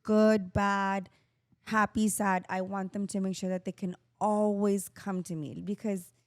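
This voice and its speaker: A middle-aged woman co-hosting a podcast, chatting casually and expressively, with quick bursts of laughter. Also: medium pitch, a little mellow, no echo, clean studio sound. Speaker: podcast co-host and mother. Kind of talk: casual chat.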